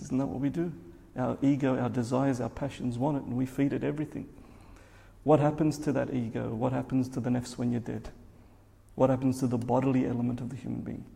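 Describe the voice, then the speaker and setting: A man giving a sermon, telling a parable slowly and emphatically before drawing its lesson. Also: medium pitch, creaky, dark tone. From Australia. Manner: storytelling, slow and emphatic, voicing characters in quotes. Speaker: religious teacher. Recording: long hall reverb.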